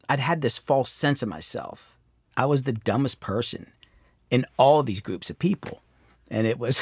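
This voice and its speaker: A middle-aged man, a music producer hosting his own show, telling candid, self-deprecating stories that swing from animated to quietly reflective. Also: medium pitch, no room sound, studio quality. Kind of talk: candid storytelling monologue.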